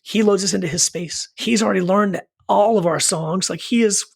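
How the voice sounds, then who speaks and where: This man's husky voice sits high, with vocal fry, at a moderate pace. He's a middle-aged punk singer from Richmond, Virginia, US, rambling through a long story as a podcast guest, packed with fillers and tangents in casual conversation.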